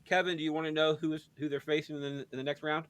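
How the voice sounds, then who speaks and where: A man's voice: a little high, flat delivery, racing, a bit bright, clean tone. A man hosting a casual podcast, joking and tripping over his words as he runs through the picks. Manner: joking, stumbles and repeats words. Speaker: podcast host running the bracket.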